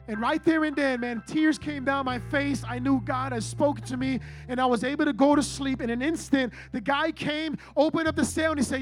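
High-voiced man preaching a testimony. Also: normal speed, few pauses, faint music behind. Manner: animated storytelling, frequent "right?" to the audience. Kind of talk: sermon with personal testimony.

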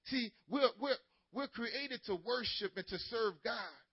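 Man, youth pastor, sermon, call-and-response, high voice, dull lo-fi recording. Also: a little slow, husky, no echo. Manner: energetic, call-and-response preaching; dramatic storytelling, swings from loud to hushed. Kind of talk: sermon to teenagers.

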